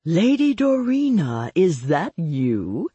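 A woman's voice: extremely low pitch, expressive, normal speed, a little mellow, dry recording, voice pushed down. A woman reading an audiobook, voicing an effusive, overly polite male vampire servant on a phone call. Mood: delighted. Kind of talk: audiobook character voice.

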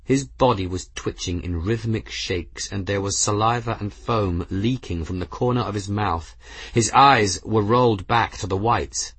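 Husky low-voiced male narrator. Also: unhurried, a bit bright, no echo. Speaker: audiobook narrator. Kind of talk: scripted narration.

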